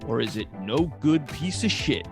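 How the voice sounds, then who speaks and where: A man's voice: mid-range voice, very animated, moderate pace, music in the background. A man co-hosting a podcast, chatting in a laid-back, rambling way with jokes. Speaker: podcast co-host. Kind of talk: casual chat.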